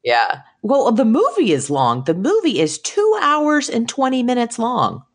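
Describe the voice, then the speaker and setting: A woman co-hosting a casual movie review podcast, animated and acting out lines from the film in jumpy voices. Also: on the high side, unhurried, husky. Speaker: podcast co-host.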